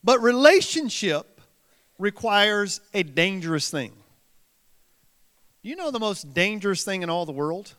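A man preaching a sermon in a very high, bright voice. He works the congregation with rhetorical questions and repeated phrases. His voice carries through the long reverb of a large hall. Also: sing-song, unhurried, long pauses. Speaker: pastor.

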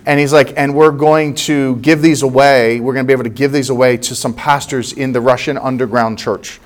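Animated pastor telling a story. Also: male voice, medium pitch, fairly quick. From United States. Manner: animated, laughs at his own story, acts out dialogue. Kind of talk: sermon storytelling.

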